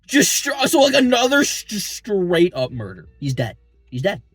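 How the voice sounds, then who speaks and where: A young man recapping a movie in a rambling, excitable way, full of fillers and casual swearing, recorded in a parking lot. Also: high-pitched, normal speed, husky, no room sound, soft background music. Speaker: movie reviewer.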